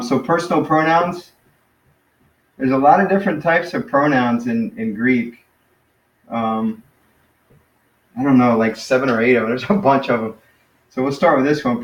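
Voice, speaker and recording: A man teaching a Greek class in a relaxed, hesitant way, with many fillers. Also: mid-range voice, echoey room, highs cut off.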